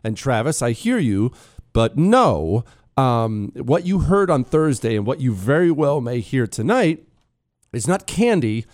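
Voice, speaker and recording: A male talk radio host with a voice worn hoarse, delivering a blunt, sarcastic monologue. His pitch sits mid-range for a man, and the studio sound is close and dry with no room around it. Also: very animated, unhurried, a little mellow, no room sound. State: losing his voice. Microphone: studio microphone.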